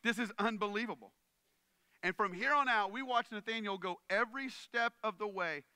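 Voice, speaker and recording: A man's voice: high-pitched, moderate pace, bright, forceful tone, clear, resonant tone, no echo. A male pastor preaching a sermon in an earnest, conversational way, often checking in with his listeners.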